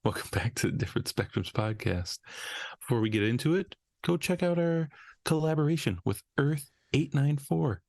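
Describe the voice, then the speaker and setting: A man's voice: fairly high pitch, animated, moderate pace, creaky, a little mellow, no echo. A young man from Minnesota hosting a casual podcast, joking, laughing often and swearing casually. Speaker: podcast host.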